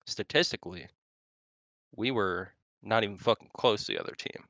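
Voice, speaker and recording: A man with a lowish voice and a bright, forceful edge talks about his matches with cocky, competitive swagger. His mic is close and dry. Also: moderate pace, dry recording. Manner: brash, competitive trash talk. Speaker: pro player and co-host. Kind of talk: casual esports chat.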